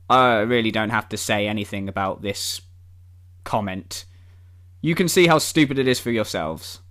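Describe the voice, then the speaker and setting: A man's voice: lowish voice, big pitch swings, moderate pace, fairly bright tone. A man ranting in a vlog, sarcastic and exasperated, swearing often. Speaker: vlogger.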